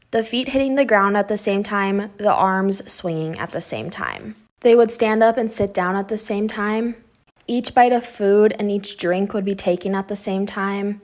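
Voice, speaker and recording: A woman narrating a true story in an even, informative way. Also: mid-range voice. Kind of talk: scripted narration.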